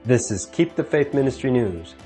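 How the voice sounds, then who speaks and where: A man reading a scripted religious news report in a measured, even tone. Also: mid-range voice, over music. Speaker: news presenter.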